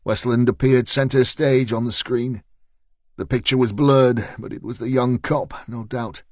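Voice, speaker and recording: A man's voice: mid-range voice, no room sound, clean studio sound. Man narrating an audiobook thriller. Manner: steady, measured storytelling. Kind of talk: scripted narration. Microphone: close studio mic.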